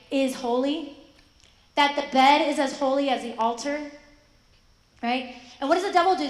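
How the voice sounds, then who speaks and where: A young woman giving an animated faith talk to high school students, asking questions and acting out quoted voices. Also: reverberant. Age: young adult. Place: school hall.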